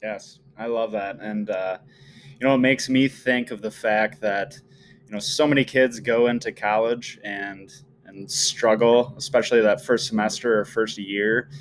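Man hosting a relaxed chat. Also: lowish voice, measured pace, a little hiss or hum, poor audio. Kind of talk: casual chat.

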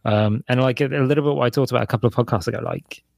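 A man's voice: racing, vocal fry, a little mellow, dry recording, clean studio sound. A man in his forties co-hosting a podcast, chatting loosely about parenting and acting out the lines of the people in his stories. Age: 40s. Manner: rambling, acts out his son's and his own lines in a higher voice. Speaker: podcast co-host.

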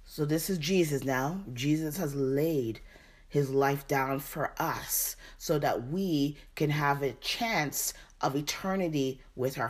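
A woman leading a Bible study, reading verses aloud and then repeating and explaining them. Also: sits low. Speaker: Bible teacher.

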